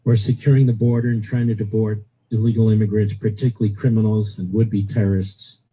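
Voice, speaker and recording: A man's voice: fairly low pitch, little pitch movement, a little fast, warm tone, slightly rough, rough recording. A middle-aged man hosting a political talk radio show, blunt and opinionated, repeating his points for emphasis.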